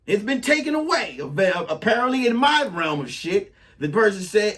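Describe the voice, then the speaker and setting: Man, podcast host, high voice, very animated, profane comic storytelling. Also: normal speed, few pauses. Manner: animated storytelling, profane, riffs on a crew member. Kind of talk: casual comedic monologue.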